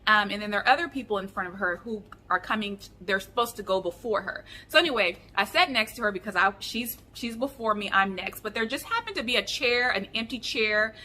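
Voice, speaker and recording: A woman vlogger telling a story in a chatty, animated way with many fillers. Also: mid-range voice, fairly quick, hardly any pauses, slight background noise. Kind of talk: casual storytelling vlog.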